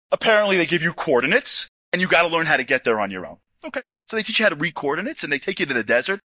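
A man telling a story to an audience, animated, acting out dialogue with casual asides. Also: fairly high pitch, dry recording. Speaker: speaker. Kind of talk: storytelling talk.

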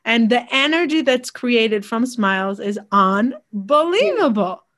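A woman's voice: on the high side, very animated, unhurried, fairly bright tone. A woman hosting an interview, chatty and effusive, often restarting her sentences. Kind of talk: conversational interview.

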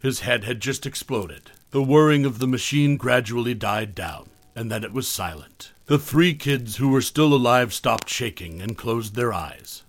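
A man narrates a first-person horror story at a steady, measured pace. His voice sits in a middling register, and the recording is close and dry with no room echo. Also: medium pitch.

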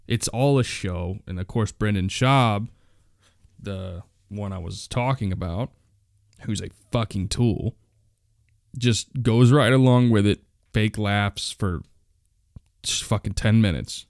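A man's voice: on the low side, slow, creaky, a little mellow, no room sound, clean studio sound. A young man hosting a solo podcast, ranting bluntly and with plenty of swearing. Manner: blunt, profane, complaining. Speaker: podcast host.

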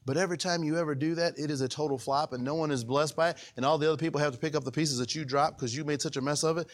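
Male pastor, high-pitched, folksy conversational sermon with many asides to the congregation. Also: steady tone, racing. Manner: conversational preaching with frequent questions to the congregation; wide swings between raised and hushed delivery.

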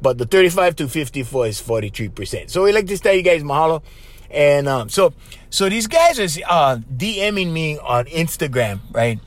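A man's voice: a little high, sing-song, moderate pace. A man with a Hawaiian Pidgin accent, hosting a podcast as a casual, loose monologue full of "bro" and laughs. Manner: chatty, loose, laughs often, says bro. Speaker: podcast host.

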